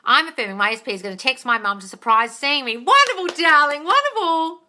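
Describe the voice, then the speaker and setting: A bright-voiced woman chats through a casual live Q&A, recorded on her phone. She is warm with her viewers, animated, swears freely and slips "darling" into her answers. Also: on the high side, fast, slight background noise. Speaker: manifestation coach hosting a live stream. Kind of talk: casual live-stream Q&A, reading viewer comments.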